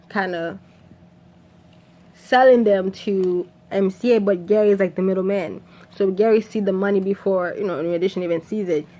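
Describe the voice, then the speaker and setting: A woman's voice: mid-range voice, a little mellow. A woman casually recapping a movie, laughing often and telling it in a loose, chatty way with lots of fillers. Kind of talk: casual chat.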